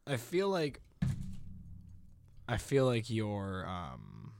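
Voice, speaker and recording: A man's voice: lowish voice, huge pitch swings, very slow, gravelly, a little mellow, slight background noise. Rambling, jokey man co-hosting a podcast. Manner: rambling, jokey, exaggerated impressions. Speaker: podcast co-host. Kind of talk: casual banter.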